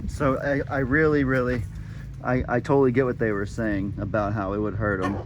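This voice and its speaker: A man's voice: mid-range voice, little pitch movement, brisk, highs cut off, a little hiss or hum. A man, chatting casually to viewers on his farm vlog. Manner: laid-back, talks to viewers as y'all. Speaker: farm vlogger. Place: outdoors on a farm.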